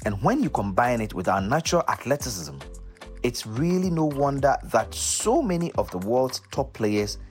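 A man in his thirties narrates a radio documentary with earnest, measured storytelling. His voice sits at an ordinary middle pitch, and faint music plays underneath. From Ghana. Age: 30s. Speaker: documentary presenter.

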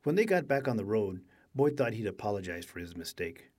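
Husky-voiced radio host. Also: male voice, deep voice, expressive, unhurried, darkish tone. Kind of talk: scripted radio narration.

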